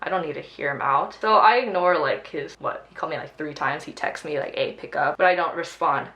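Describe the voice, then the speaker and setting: A woman's voice: low-pitched, fairly quick, highs cut off. A young woman vlogger chatting animatedly while she does her makeup, telling a story with lots of "like". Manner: chatty, animated retelling with many "like"s. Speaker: beauty vlogger. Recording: roomy echo.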